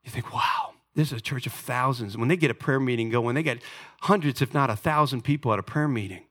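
A man delivers a sermon to a congregation gathered in a church. He speaks in an earnest, conversational way. When he reads a story aloud he grows higher and louder. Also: a little fast. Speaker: preacher. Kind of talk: sermon with read-aloud passage. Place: church sanctuary before a congregation.

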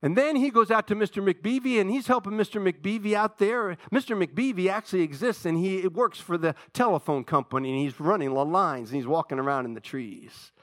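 A man preaching a sermon, telling a story from an old TV show in a conversational way and pausing to ask his congregation questions. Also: high-pitched, a bit bright, no echo, clean studio sound. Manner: conversational storytelling, retells a TV episode with asides to the congregation. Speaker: pastor.

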